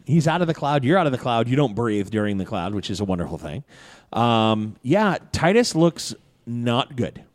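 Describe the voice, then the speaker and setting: A man's voice: mid-range voice, normal speed. A man running a tabletop game as game master, narrating loosely with fillers. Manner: animated, loose storytelling with fillers.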